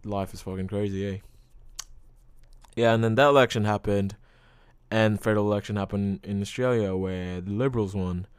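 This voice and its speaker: A man's voice: on the low side, steady tone, normal speed, clean tone, no room sound, clean studio sound. A young man hosting a casual solo podcast, rambling loosely with lots of fillers and frequent swearing. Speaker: podcast host.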